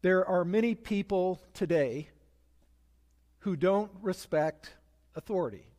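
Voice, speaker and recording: A man preaching a sermon as pastor, measured and emphatic, leading prayer and telling stories. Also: sits high, expressive, darkish tone, long reverb tail.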